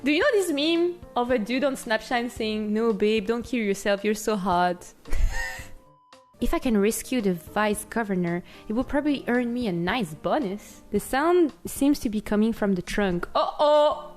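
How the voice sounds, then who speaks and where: A woman with a fairly high voice is live-streaming a game and reading its text aloud. She giggles and bursts into excited outbursts, and her pitch swings widely. Faint game music plays behind her. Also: normal speed. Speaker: VTuber streamer.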